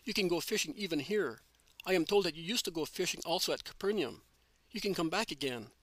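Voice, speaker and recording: A man voicing a calm, patient male spiritual teacher who speaks with gentle authority. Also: on the high side, fairly quick, no room sound, poor audio.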